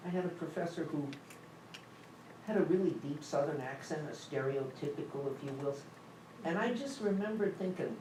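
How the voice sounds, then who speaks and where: A man in a church group sharing a personal anecdote in a casual, animated way. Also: on the high side, moderate pace. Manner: animated storyteller, laughing as he tells it. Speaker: group member. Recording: echoey room, far mic, audible noise.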